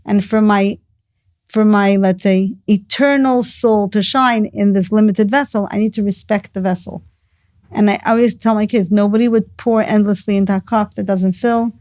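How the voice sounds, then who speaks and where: A woman's voice: medium pitch, fairly even intonation, normal speed, a little mellow, no room sound. A middle-aged woman talking earnestly in a casual conversation, telling stories and mixing in Hebrew and Yiddish words. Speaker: guest, mother of the host.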